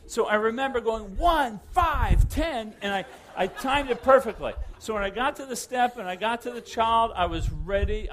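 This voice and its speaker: A middle-aged male pastor preaching a sermon, telling stories with lively restarts and repeated words. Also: high-pitched, a little hiss or hum. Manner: animated storytelling with repeated restarts.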